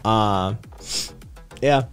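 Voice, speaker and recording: A man's voice: on the low side, very slow, soft background music. A man with a slight Tennessee accent, rambling casually on a live stream, swearing freely and laughing often. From Vermont and Tennessee.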